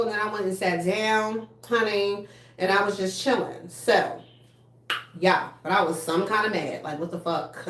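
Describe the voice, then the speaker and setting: Woman, livestream host, casual chat, blunt and profane, echoey room. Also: medium pitch. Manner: blunt, profane, chatty, reads viewer comments.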